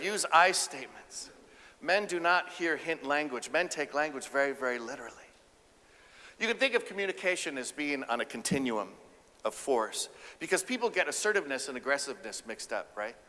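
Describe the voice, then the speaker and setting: A man giving an animated, humorous keynote speech about relationships on a conference stage. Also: medium pitch, normal speed. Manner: animated, acts out voices, audience banter. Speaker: keynote speaker and relationship counselor. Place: conference stage before a live audience. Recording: echoey conference hall.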